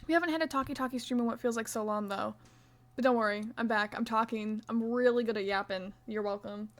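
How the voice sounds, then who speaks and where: A young woman with a slightly high voice chats playfully through a casual live stream. She reads her viewers' messages aloud, teases them, and drops into soft counting as she crochets. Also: quick pace. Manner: counts stitches under her breath.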